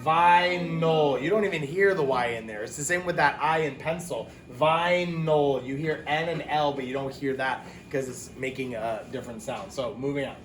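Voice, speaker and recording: A man teaching a phonics lesson to young children, talking casually, with quick asides and self-corrections. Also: mid-range voice, a little hiss or hum.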